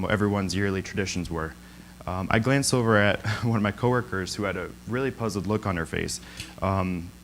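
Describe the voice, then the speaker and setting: A young adult man with a deep voice tells a story in an informal sermon as a guest at a church, chatting along with plenty of ums and frequent laughs. The recording is low quality, with a little hiss or hum.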